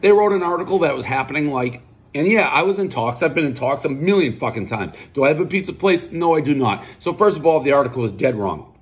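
A man with a slightly raised pitch delivers a pizza review outdoors as a combative rant. He swears constantly and boasts about himself between bites. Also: lively intonation, fast. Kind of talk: profane ranting pizza review vlog.

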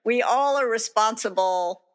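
A woman's voice: a little high, unhurried, clear, resonant tone. A woman co-hosting a podcast, telling a candid personal story in a reflective, conversational way, laughing at herself now and then. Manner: candid, self-deprecating, laughs while telling stories. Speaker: podcast co-host.

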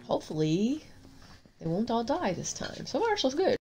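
A woman's voice: fairly high pitch, very animated, normal speed, darkish tone, a little hiss or hum. Stuffy-nosed woman chatting over gameplay. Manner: chatty, rambling, sing-song repetitions. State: stuffy nose. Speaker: gaming video host. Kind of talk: casual gameplay commentary. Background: faint clinking of dishes.

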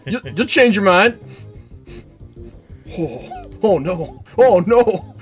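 A man's voice: high-pitched, animated, extremely slow, soft background music. A man giving casual, joking commentary while playing a video game, with mumbled reactions and laughs. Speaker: gamer, let's play host.

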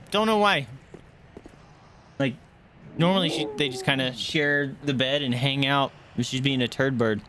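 A man's voice: a little high, bright, forceful tone, slight background noise. A man streaming a game live, talking through his fights with frequent swearing, greeting viewers and chatting to his dogs. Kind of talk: live gameplay commentary.

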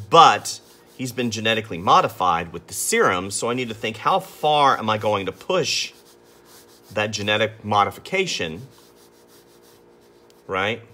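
An artist teaching drawing chats his way through a tutorial while sketching, sounding amused at himself. His voice is on the low side with a sharp tone.

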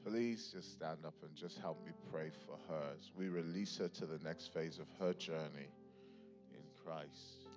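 A man's voice: rumbling low, unhurried. Fervent male pastor over music. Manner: playful, joking asides with laughter; fervent prophetic declarations, rising in force. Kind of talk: sermon with prayer and prophecy. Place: church service. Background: music playing.

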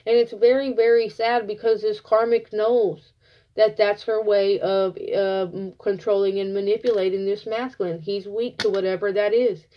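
A woman giving a casual tarot reading, blunt and profane, telling it like an animated story. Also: medium pitch, moderate pace, dull audio, a little hiss or hum. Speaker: tarot reader.

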